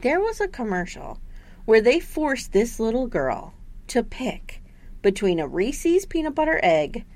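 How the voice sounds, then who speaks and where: Woman podcast co-host, fairly high and very lively pitch, animated storyteller who squeals out impressions. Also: unhurried. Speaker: podcast co-host recapping a TV episode. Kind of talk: casual chat.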